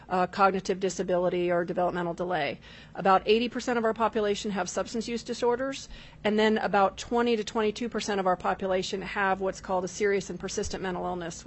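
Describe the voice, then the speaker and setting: Testifying formally at a legislative hearing, a female state corrections official speaks to the chair in a mid-range voice. She is measured but sprinkles in plenty of filler ums.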